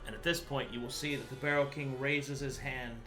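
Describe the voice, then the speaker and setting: A man's voice: medium pitch, steady tone, music in the background. Man narrating as game master. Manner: slow, dramatic scene narration.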